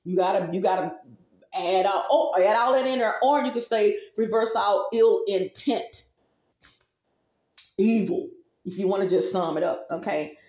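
A woman's voice: medium pitch, measured pace, dark tone, echoey room. A woman vlogger giving casual spiritual advice, chatty and rambling, talking straight to her viewers.

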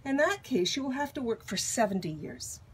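A woman's voice: sits high, lively intonation, a little fast, slight background noise. A woman voicing a stern old sword master.

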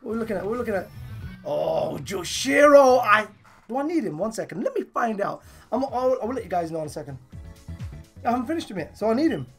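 A woman with a hoarse, partly lost voice giving casual commentary on her game pulls, excitable and bursting into laughs and shouts. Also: medium pitch, quick pace, faint music behind. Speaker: gaming channel host.

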